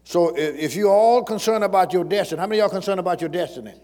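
High-voiced preacher in a reverberant hall. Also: male voice, very fast, darkish tone. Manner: preaching, calls to the congregation and repeats phrases. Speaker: pastor. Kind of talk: sermon.

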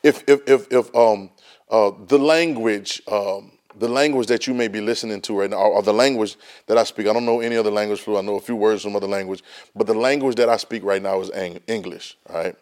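A man's voice: lowish voice, steady tone, brisk, darkish tone. A man teaching a Bible study class, emphatic and folksy, often repeating words as he restarts a thought. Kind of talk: Bible study lesson, preaching.

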